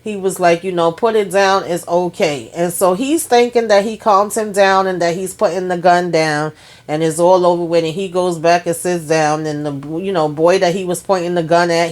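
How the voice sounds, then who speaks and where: A woman casually recapping a TV episode in a chatty, colloquial way. She keeps checking in with "okay?" and "y'all" and acts out the characters' lines as she goes. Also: lowish voice. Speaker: TV recap vlogger.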